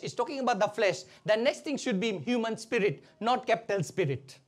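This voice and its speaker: Lively high-voiced woman preaching a sermon. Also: a little fast, hardly any pauses. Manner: animated preaching mixing English and Hindi, call and response.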